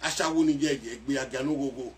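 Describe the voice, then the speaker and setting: A man with a Nigerian accent giving excitable casual commentary on a song, repeating phrases as he goes. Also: medium pitch, very fast, far from the mic. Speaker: music commentator.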